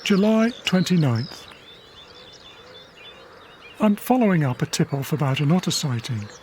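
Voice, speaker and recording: A man, a wildlife cameraman from England, narrating his diary in a quiet, measured, reflective documentary voice. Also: a little high, big pitch swings, slight background noise. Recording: faint river ambience behind.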